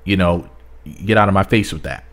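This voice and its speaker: A man's voice: sits low, fairly quick. A man talking bluntly to camera in a casual commentary vlog, rambling with many restarts. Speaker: YouTube commentator.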